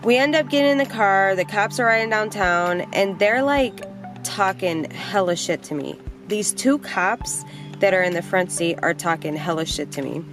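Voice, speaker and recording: A young woman tells a story from her own life on her vlog, in a voice of middling pitch. She talks plainly and bluntly and swears without a second thought. Faint music plays behind her. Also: moderate pace. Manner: animated, blunt, swears freely. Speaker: vlogger.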